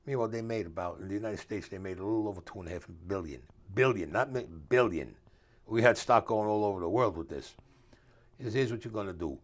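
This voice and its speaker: A man's voice: fairly low pitch, fast. Older New man telling street stories. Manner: streetwise storyteller, acts out dialogue, drops grammar. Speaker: author and guest. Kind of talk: casual storytelling interview.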